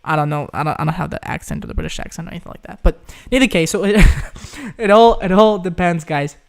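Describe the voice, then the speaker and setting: Young male live-stream host, from Ukraine, smooth slightly high voice, loose chatty delivery answering viewer questions. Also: quick pace. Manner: chatty, reads chat questions aloud, says "guys" often. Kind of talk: casual live Q&A.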